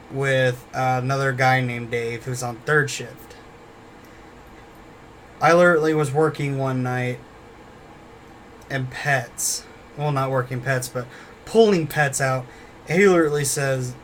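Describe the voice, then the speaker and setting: A man's voice: mid-range voice, measured pace, long pauses, fairly bright tone, a little hiss or hum. A man telling a casual story about a former job, rambling and swearing often, repeating himself as he goes. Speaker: former store worker.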